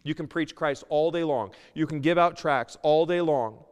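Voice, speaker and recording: A man preaching a sermon as pastor, earnest, moving between loud emphasis and a quiet plea. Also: on the high side, normal speed, clean tone, in a large hall. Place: church sanctuary.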